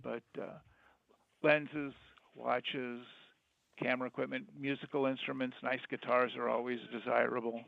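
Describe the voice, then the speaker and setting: A gravelly middle-aged man speaks over a dull, muffled phone line. His voice is dry, with no room sound. He talks in a relaxed, plain way and lets sentences trail off. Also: mid-range voice, moderate pace, dry recording. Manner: laid-back, plainspoken, trailing off. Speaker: pawn shop owner, guest caller. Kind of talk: casual phone interview.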